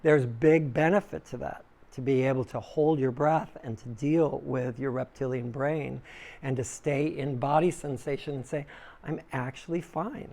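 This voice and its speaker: A man gives a relaxed spoken talk on yoga breathing to a small group in a room. His delivery is casual and chatty, with the plain middle pitch of an everyday male voice, and he answers listeners' questions as he goes. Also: normal speed, creaky. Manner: casual and conversational, acts out inner voices loudly with big pitch jumps. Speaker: yoga teacher giving a dharma talk. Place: small room with a live audience.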